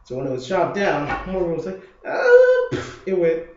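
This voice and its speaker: A man's voice: fairly high pitch, fast talker, darkish tone, a little hiss or hum. Young man rambling in an echoey room. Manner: rambling storytelling, acting out quotes with laughs. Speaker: vlogger. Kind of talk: casual video diary. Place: apartment living room. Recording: echoey, muffled room recording.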